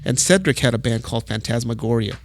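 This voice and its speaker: A middle-aged man from El Paso with a gravelly, mid-pitched voice tells stories on a podcast. He swears freely and acts out what people said in an animated way. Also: fast talker. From El Paso, Texas. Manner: profane, animated storytelling with acted quotes. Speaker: podcast guest, music photographer. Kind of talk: casual storytelling.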